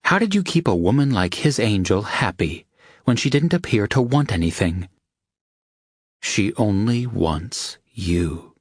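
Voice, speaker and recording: Male narrator, very low voice, steady audiobook reading, dry close sound. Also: measured pace, no room sound. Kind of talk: scripted narration.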